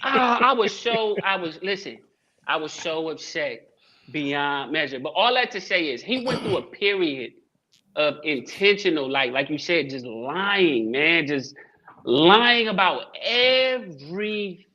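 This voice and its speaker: A man telling a lively story on a panel about fathers, acting out quoted lines and swearing casually. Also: fairly high pitch, unhurried. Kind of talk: animated storytelling. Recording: dull lo-fi sound.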